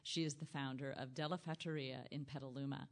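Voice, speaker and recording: A low-pitched woman hosts a live talk in front of an audience. She is chatty and laughs often, with plenty of ums between her questions. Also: fairly even intonation, a little fast. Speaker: event host and interviewer. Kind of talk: live onstage interview with audience.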